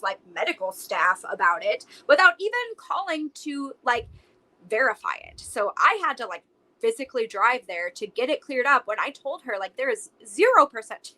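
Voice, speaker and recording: A woman's voice: fairly high pitch, sharp tone, rough recording. A young adult woman, a podcast guest, telling her story in casual chat with lots of fillers. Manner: talks emotionally with many "like"s.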